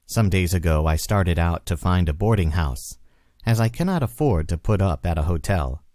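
A man reading a story aloud as guest reader, in a measured, expressive way. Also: sits low, dry recording, studio quality.

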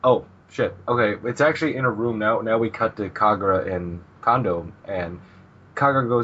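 A man's voice: on the low side, moderate pace, fairly bright tone, muffled recording, slight background noise. A man co-hosting a podcast, retelling manga scenes in a loose, laughing way and swearing now and then. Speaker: podcast co-host. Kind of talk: casual chapter recap chat.

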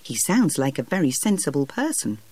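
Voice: medium pitch, sing-song, normal speed, a little mellow, slightly rough, dry recording. A storybook narrator voicing a polite, curious small boy who speaks eagerly.

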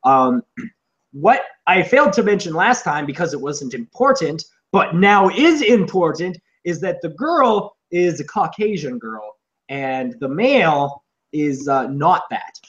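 A man's voice: fairly high pitch, sing-song, unhurried, highs cut off. Rambling profane man telling a story. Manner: rambling, profane, acts out shouted quotes. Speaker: podcast co-host. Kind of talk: casual comedic chat. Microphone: on camera, seated.

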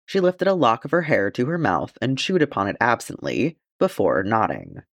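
A man narrating a fantasy fan fiction chapter as an audiobook, in an expressive, steady storytelling way. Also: medium pitch, moderate pace, dry recording, clean studio sound.

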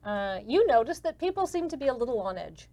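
A woman's voice: on the high side, very animated, a little fast, mellow. A woman narrating a tabletop game as game master in a casual, descriptive way. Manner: casual, descriptive, many fillers.

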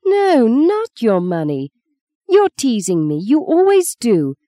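A woman voicing a quick-tongued, teasing young actress in an audiobook reading. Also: on the low side, lively intonation, dark tone, no room sound, clean studio sound, close to an everyday voice. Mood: indignant. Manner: brisk, mocking, spirited.

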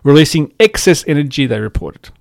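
A man's voice: on the high side, expressive, a little fast, vocal fry, no room sound. Man, casual podcast host, chatty, laughs easily, dry recording. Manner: chatty, frequent fillers and restarts, laughs easily. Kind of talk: casual chat.

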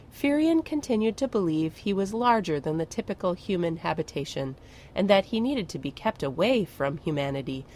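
A woman narrating a fantasy audiobook in an expressive, measured way. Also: fairly low pitch, slight background noise.

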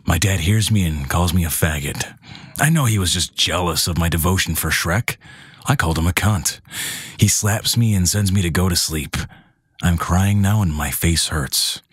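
A man reading crude internet stories aloud in a flat, plain way. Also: low voice, moderate pace, breathy edge, no room sound, studio quality. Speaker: narrator.

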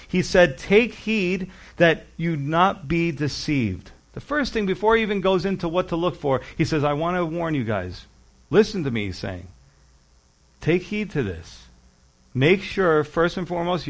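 A male pastor preaching a sermon, earnest and urgent, speaking directly to his listeners. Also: a little high.

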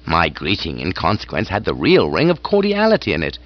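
A man's voice: sits low, wildly swooping pitch, brisk, hardly any pauses, dry recording. A man narrating a comic novel in a wry, storytelling manner. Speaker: audiobook narrator. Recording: dull dry studio recording.

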